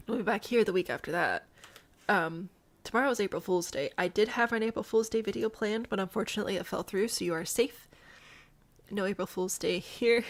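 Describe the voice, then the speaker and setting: Playful Midwestern woman with gravelly voice. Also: medium pitch. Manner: playful, jokey, chatting with live viewers. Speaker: let's play streamer. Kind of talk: casual gameplay commentary.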